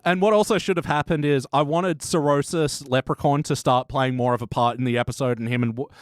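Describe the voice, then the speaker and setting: A man's voice: medium pitch, fairly even intonation, fairly quick, dry recording. A man co-hosting a casual podcast, blunt and sarcastic, swearing freely. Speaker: podcast co-host.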